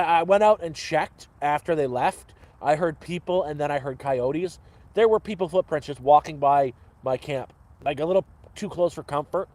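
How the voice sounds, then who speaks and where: A man chats loosely to his live-stream viewers, wandering from one thought to the next in an upbeat, profane way. His voice sits a little higher than most men's. He talks out at his camp. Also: a little mellow. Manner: rambling, upbeat, swears freely. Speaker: cooking stream host.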